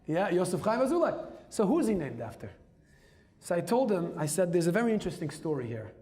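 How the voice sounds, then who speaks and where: A man telling a personal story as a rabbi, lively and emphatic, dropping Hebrew and Yiddish terms into his English. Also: sits high, quick pace. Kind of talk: storytelling talk.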